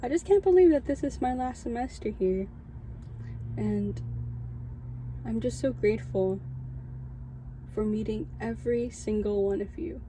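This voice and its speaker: Young woman, chaplain type, higher voice, heartfelt and teary testimony recorded in a car. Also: a little slow, pauses often, warm tone, slight background noise, poor audio. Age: young adult. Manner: heartfelt, tearful, laughing. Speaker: student chaplain. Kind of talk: personal testimony, casual. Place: in her car at night. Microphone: camera in a car.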